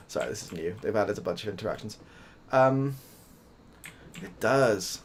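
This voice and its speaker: A man's voice: fairly low pitch, animated, unhurried, long pauses, a little hiss or hum. A young British man casually chatting and rambling through a story while playing a game, swearing now and then. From United Kingdom. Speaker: ASMR gaming streamer. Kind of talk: soft-spoken gameplay chat.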